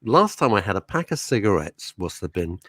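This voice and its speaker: A man's voice: on the low side, very animated, brisk, a bit bright, husky, no echo, studio quality. A middle-aged man hosting a radio show, chatting casually and rambling through anecdotes. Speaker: radio host. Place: radio studio.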